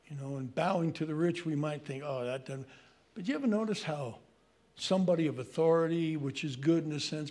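An older man with a New York accent, preaching a sermon in an animated, joking way that turns into rants. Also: fairly high pitch. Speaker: pastor.

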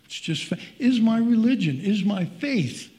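A man's voice: high voice, lively intonation, measured pace, mellow. A middle-aged man preaching a sermon as pastor, earnest and conversational, reading scripture aloud between personal asides.

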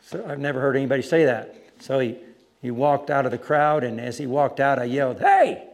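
A man preaching, telling a story about street preaching with lively, animated delivery and acted-out voices. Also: mid-range voice, brisk, gravelly. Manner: animated storytelling, acting out other voices loudly. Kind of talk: sermon with storytelling.

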